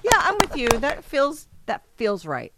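A woman's voice: high voice, huge pitch swings, a little slow, heavy background noise. A woman hosting a casual radio show chat, blunt and swearing freely. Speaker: radio host.

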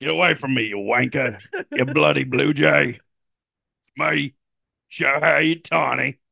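A man's voice: medium pitch, a little slow, creaky, bright, forceful tone, no room sound, clean studio sound, pitched above the performer's own voice, full character voice. A man putting on a crude, exaggerated Cockney and Australian accent to play a brash male ballplayer. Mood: rowdy. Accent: put-on Cockney and Australian. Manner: rowdy, profane, exaggerated.

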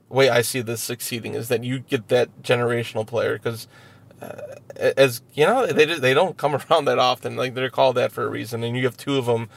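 A man with a gravelly voice talks in a halting way, restarting his sentences again and again as he weighs his points. The chat is a casual sports podcast. He is recorded inside a parked vehicle outside an arena. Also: medium pitch. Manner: halting, many stammered restarts. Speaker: podcast co-host.

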